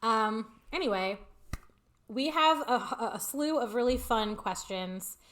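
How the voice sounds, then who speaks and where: A woman's voice: on the high side, lively intonation, a little slow, a bit bright. A woman hosting a casual live-streamed chat show from her apartment, chatty and a little flustered, her voice tinny and echoey through a home computer microphone. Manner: chatty, flustered by audio problems, laughing. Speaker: podcast host. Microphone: computer microphone on a video call.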